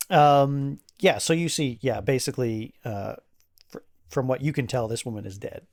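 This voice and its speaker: A man narrating as game master of a tabletop game in a casual, halting way with many fillers. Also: medium pitch, expressive, dry recording.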